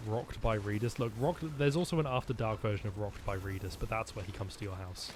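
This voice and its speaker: A man's voice: on the low side, brisk, few pauses, a little hiss or hum. A man streaming a video game, rambling and joking with his chat as he plays. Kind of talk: let's-play commentary.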